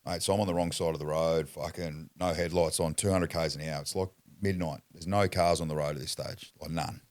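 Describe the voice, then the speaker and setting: A man's voice: rumbling low, steady tone, fairly quick, dry recording. An Australian man telling a story as a podcast guest, blunt and foul-mouthed in casual chat. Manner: blunt, heavy swearing, acts out quotes.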